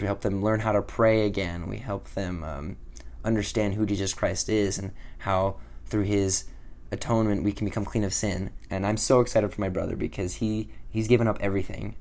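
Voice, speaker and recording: Young guy vlogging a story, jumps from whispers to loud bursts, pretty excitable. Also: lowish voice. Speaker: vlogger telling a mission story. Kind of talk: animated storytelling to camera.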